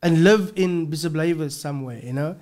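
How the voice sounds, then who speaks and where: A man's voice: a little high, fairly quick, a little mellow. A man, a linguistics professor talking as a podcast guest, explaining earnestly and restarting his words often. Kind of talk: casual interview talk.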